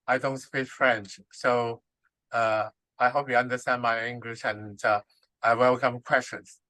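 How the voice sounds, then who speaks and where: A man's voice: medium pitch, flat delivery, a little slow, sharp tone, no room sound, rough recording. A man from Hong Kong, a native Cantonese speaker, giving a lecture in hesitant English full of uhs. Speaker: guest speaker, ceramics expert. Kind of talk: lecture presentation.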